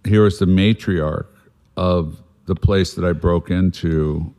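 Man, very low voice, blunt, swears freely, rambling but earnest storyteller. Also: fairly even intonation, slow, warm tone. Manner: earnest and reflective about making amends. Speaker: guest sharing a recovery story. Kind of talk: candid conversational storytelling.

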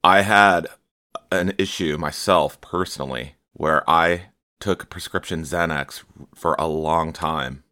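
Very deep fervent man giving testimony. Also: slow pace, bright, forceful tone, dry recording, clean studio sound. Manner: emphatic, fervent interjections. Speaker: podcast co-host. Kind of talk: personal testimony.

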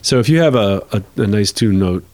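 Deep-voiced man in casual chat. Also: expressive, fairly quick, darkish tone. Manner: conversational, hums chant patterns, defers to co-host. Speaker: podcast co-host.

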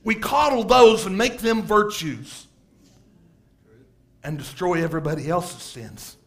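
A man preaching an impassioned sermon, swinging between hushed asides and shouted emphasis and repeating phrases to drive points home. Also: high-pitched, sing-song, a little slow.

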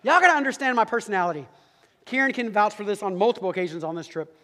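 A man telling a humorous story in a sermon, animated and quick, with asides to the audience. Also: sits high. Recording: long hall reverb.

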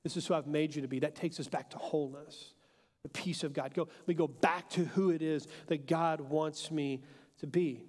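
A man in his thirties, a pastor preaching a sermon in a relaxed, joking way, full of fillers. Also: a little high, moderate pace. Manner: casual and joking, with many fillers. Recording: long hall reverb.

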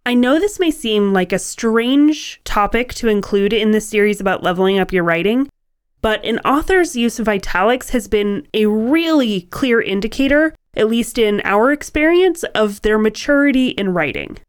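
A woman's voice: on the high side, expressive, normal speed, clean tone. Wry woman co-hosting a writing podcast. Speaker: podcast co-host. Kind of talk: conversational writing-advice podcast.

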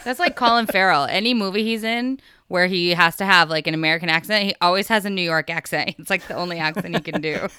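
A woman co-hosting a podcast in casual chat, chatty and quick to laugh. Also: lowish voice, sharp tone, clear, resonant tone, dry recording, studio quality. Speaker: podcast co-host.

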